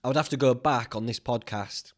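Mid-range and fairly quick, a young Northern English man hosts a podcast, wandering through stories in a relaxed, chatty manner with plenty of swearing.

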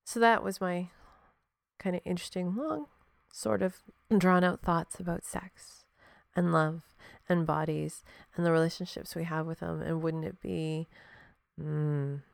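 A woman's voice: fairly low pitch, creaky, dry recording. A woman hosting a podcast in a casual, reflective monologue. She speaks frankly, swears freely, laughs often and talks straight to the listener. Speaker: podcast host.

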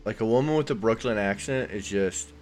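A man with a fairly low voice hosts a casual podcast chat. He rambles enthusiastically, piling up fillers and restarts as he talks. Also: a little fast, slight background noise. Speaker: podcast host.

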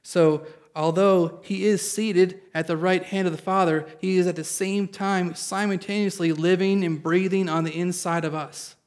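With a high-pitched voice and fairly even intonation, a male pastor preaches at a church service at a moderate pace with few pauses. He reads scripture aloud, explains it plainly and calls out to the congregation for an amen.

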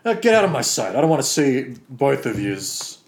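Aussie guy playing a grumpy worn-out fire chief, mid-pitched voice, keeps swearing at his crew. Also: big pitch swings, moderate pace, a little hiss or hum. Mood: exasperated. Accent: Australian. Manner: exasperated, grumbling, swears freely. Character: weary veteran male fire chief. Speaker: comedy podcast co-host. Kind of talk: improvised comedy role-play.

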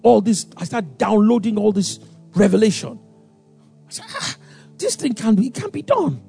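A man preaching a sermon, animated and acting out voices, with sudden loud outbursts. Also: high-pitched, moderate pace, gravelly, slightly rough, soft background music. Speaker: pastor.

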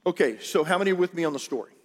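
A man's voice: on the high side, expressive, rapid-fire. A middle-aged male pastor telling a story as a sermon, casual and jokey, with asides to his congregation. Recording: long church hall reverb.

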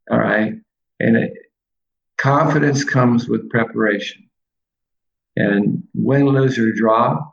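A man telling a long anecdote on a talk show, animated, quoting people with restarts along the way. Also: mid-range voice, gravelly, lo-fi sound. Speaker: guest storyteller, former baseball coach. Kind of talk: casual storytelling on a talk show.

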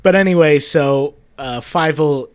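A man with a fairly high voice talks through a film plot with his co-host in a relaxed way. He jokes as he goes and laughs easily. His delivery stays loose and offhand. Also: a little slow, slight background noise. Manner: laid-back, laughs often, joking. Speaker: podcast co-host. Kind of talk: casual movie recap chat.

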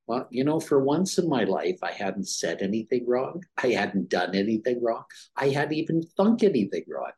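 A middle-aged former dermatologist, appearing as an interview guest, tells his story and acts out the quoted dialogue. His mid-range voice is very animated, a little mellow, with a breathy edge, moving at a moderate pace with hardly any pauses.

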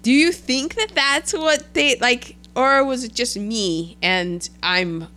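A woman co-hosting a casual chat, recapping a film in an animated way and acting out characters' lines. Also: slow. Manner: chatty, animated, quotes characters in a lowered voice. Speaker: podcast co-host.

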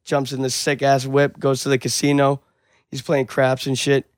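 A man's voice: mid-range voice, moderate pace, no room sound, clean studio sound. A man retelling a story in casual chat, acting out the dialogue with lots of swearing. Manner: animated storyteller, acts out dialogue, swears a lot.

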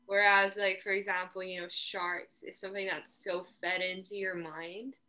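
A young woman from Portugal tells surf stories in a loose, filler-heavy chat. Her voice is bright and clear, and she speaks at a middle pitch. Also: normal speed. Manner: relaxed storyteller, many fillers. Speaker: guest surfer. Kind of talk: casual chat.

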